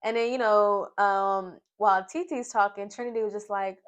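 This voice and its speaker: A young woman, from Tennessee, casually recapping a reality show in an animated, storytelling way. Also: medium pitch, moderate pace, hardly any pauses. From Nashville, Tennessee. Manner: animated storytelling, acting out the cast's quotes.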